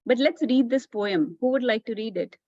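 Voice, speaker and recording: A woman's voice: a little high, moderate pace, a little mellow, dry recording, lo-fi sound. A woman teaching a children's class, explaining patiently and often checking in with "right?".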